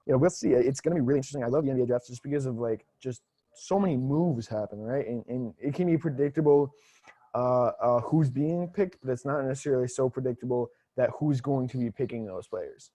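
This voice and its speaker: Mellow-voiced man, measured co-host. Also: medium pitch. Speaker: podcast co-host. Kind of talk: casual sports podcast chat.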